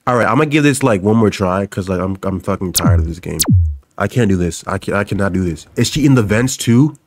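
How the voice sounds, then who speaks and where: Young guy yelling through a scary game, cusses a lot, says the same thing like ten times, kinda low voice. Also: expressive, fast, dry recording, faint music behind. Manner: jumpy, swearing, repeats phrases over and over. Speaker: gaming YouTuber. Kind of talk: let's play commentary.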